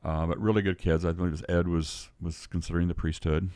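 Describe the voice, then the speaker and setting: An older man with an extremely deep voice tells a long story in casual conversation as a podcast guest. He rambles and restarts his sentences often, and the recording sounds close and dry, with no room echo. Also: flat delivery, a little fast, darkish tone.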